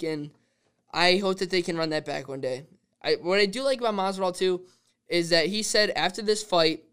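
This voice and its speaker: A man hosting a podcast, talking in a casual, excitable and rambling way, constantly saying "dude". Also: high voice, smooth. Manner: rambling fan talk with restarts. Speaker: podcast host.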